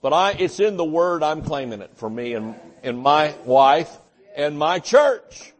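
A man's voice: fairly high pitch, sing-song, measured pace. A male pastor, preaching a sermon in a folksy, joking way and often saying amen.

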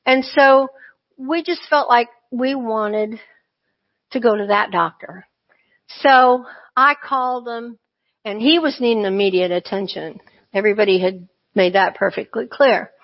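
A woman's voice: a little high, measured pace. A woman telling a personal faith testimony in an earnest, conversational way, full of asides. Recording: dull lo-fi recording.

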